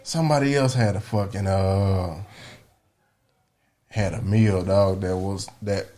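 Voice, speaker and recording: A man's voice: deep voice, slow, mellow. A young man co-hosting a podcast, chatting casually in loose, profane, reminiscing banter. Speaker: podcast co-host. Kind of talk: casual chat.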